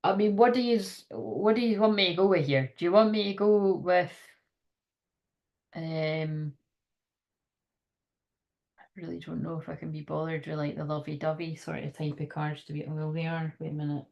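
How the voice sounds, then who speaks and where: Rambling woman thinking aloud, lowish. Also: moderate pace, gravelly, long pauses, lo-fi sound. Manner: chatty and informal. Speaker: tarot card reader. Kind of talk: live card reading to viewers.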